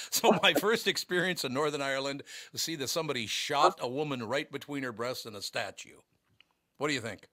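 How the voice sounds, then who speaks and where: A man's voice: medium pitch, a little fast, bright, forceful tone, no echo, clean studio sound. A man hosting a radio show in a casual, joking, rambling way.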